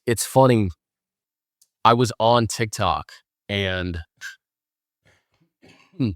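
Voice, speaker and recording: A man's voice: sits low, no room sound, clean studio sound. A young man hosting a podcast, telling stories in a loose, joking way with lots of fillers. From Wisconsin. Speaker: podcast host. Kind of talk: casual storytelling monologue.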